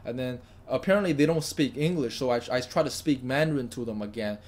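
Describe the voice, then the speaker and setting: A young man telling a story to camera in a lively, stammering way, often repeating words as he goes. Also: medium pitch, fast. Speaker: vlogger. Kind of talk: casual spoken story to camera.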